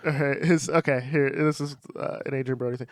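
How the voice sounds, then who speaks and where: A young adult man co-hosting a podcast in casual chat. He is animated and often restarts and repeats his words. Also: medium pitch, brisk, dry recording, studio quality. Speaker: podcast co-host.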